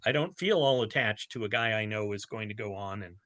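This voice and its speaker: A man's voice: fairly low pitch, lively intonation, brisk, a bit bright. A man co-hosting a podcast, chatting casually and animatedly about films and shows, with many restarts. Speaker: podcast co-host. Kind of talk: casual chat.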